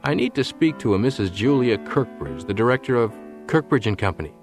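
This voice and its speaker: A man's voice: mid-range voice, big pitch swings, a little fast, faint music behind. A man voicing a helpful female bank secretary with a matter-of-fact manner.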